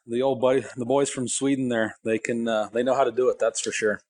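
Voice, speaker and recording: A man's voice: mid-range voice, steady tone, brisk, darkish tone. A man co-hosting a casual podcast by phone from a car parked in his garage, rambling through self-deprecating stories and laughing often. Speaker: co-host.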